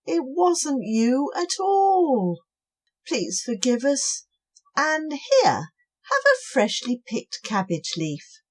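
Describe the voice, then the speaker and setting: A woman voicing a band of small, brave storybook creatures who cry out together in loud, eager voices. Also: takes it slowly, few pauses, heavily acted. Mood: excited, sweet. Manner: loud excited cries, high and eager.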